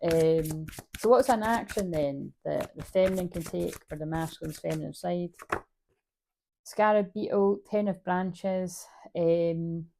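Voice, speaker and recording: A woman's voice: lowish voice, a little slow, vocal fry, dark tone, slight background noise. A woman giving a casual spiritual card reading, rambling, swearing freely and laughing at herself. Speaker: spiritual reader.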